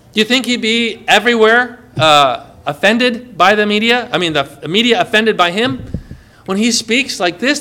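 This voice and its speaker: Male pastor, animated sermon delivery, high and bright. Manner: animated preaching, asks the congregation questions.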